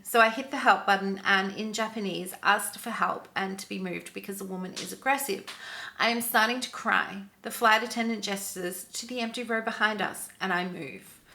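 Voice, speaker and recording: A woman hosting a channel, reading an online story aloud with expressive, sympathetic commentary. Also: medium pitch. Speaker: story narrator and channel host.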